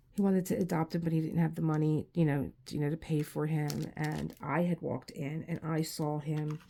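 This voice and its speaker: Tired woman, gravelly and mellow. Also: lowish voice. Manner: rambling, restarts often, emotional storytelling. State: tired, low energy; teary. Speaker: crafting channel host. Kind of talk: casual chat while diamond painting. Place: home room.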